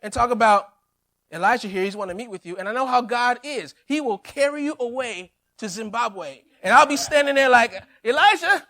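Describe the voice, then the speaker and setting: A man voicing a nervous male palace servant, pleading in an animated, half-laughing complaint during a sermon. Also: very high-pitched, normal speed, full character voice. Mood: fretful.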